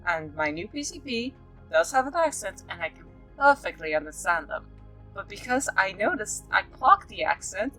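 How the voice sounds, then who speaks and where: A woman from Africa talking casually to camera in a rambling vlog, breaking into sudden excited outbursts. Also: medium pitch, rough recording. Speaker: vlogger.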